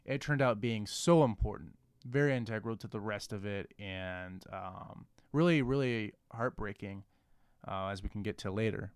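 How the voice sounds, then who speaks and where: Smooth-voiced young man chatting films. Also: lowish voice, moderate pace, no echo. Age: 20s. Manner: easygoing, agreeable, lots of fillers. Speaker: movie podcast co-host. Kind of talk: casual film discussion chat.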